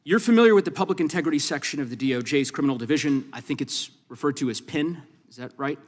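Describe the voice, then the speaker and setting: A man's voice: fairly high pitch, fast. A congressman firmly questioning a witness at a hearing, pressing and talking over her interruptions. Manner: firm, pressing, reclaims time, talks over interruptions. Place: large hearing room. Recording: reverberant hearing room.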